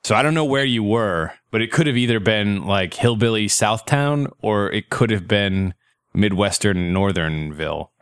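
A man's voice: lowish voice, lively intonation, moderate pace, smooth, no echo. Sarcastic podcast host guy, jokes around, very dry close sound. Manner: joking, sarcastic, laughs a lot. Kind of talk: casual chat.

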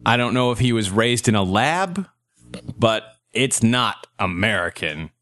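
A man's voice: fairly low pitch, animated, unhurried, a bit bright, dry recording. A man hosting a podcast, joking crudely and laughing through casual comedic banter. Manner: crude, giggly, riffing. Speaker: podcast host.

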